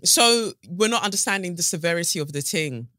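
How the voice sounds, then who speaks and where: Animated, frank woman podcasting solo. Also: a little fast, no room sound, clean studio sound. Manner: animated, frank and profane, with sudden swoops up in pitch. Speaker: podcast host.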